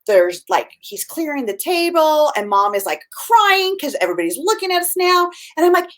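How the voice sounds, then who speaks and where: Animated, higher-voiced woman parenting coach. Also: moderate pace. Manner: animated, acts out quoted dialogue in shifting voices. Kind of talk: casual chat.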